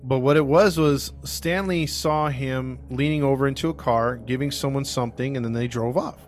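A man hosting a true crime podcast, telling the case in a casual, animated way and acting out what people said. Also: medium pitch, normal speed, soft background music. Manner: animated, acts out quoted people, laughs often. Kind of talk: casual storytelling.

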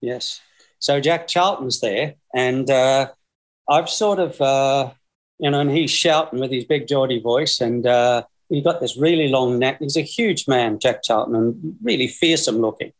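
A sixty-something Australian man joins a video call as a guest and spins long, meandering stories, laughing softly as he goes. He speaks at a medium pitch and an unhurried pace.

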